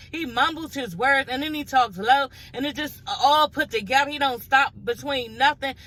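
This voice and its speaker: A woman's voice: high voice, moderate pace, hardly any pauses, a bit bright, poor audio. A woman recapping a reality show in a casual gossip vlog, blunt and profane, talking straight to her viewers.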